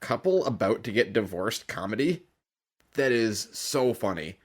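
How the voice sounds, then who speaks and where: A man co-hosting a podcast, talking in an animated, jokey way. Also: lowish voice, measured pace. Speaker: podcast co-host. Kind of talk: casual chat.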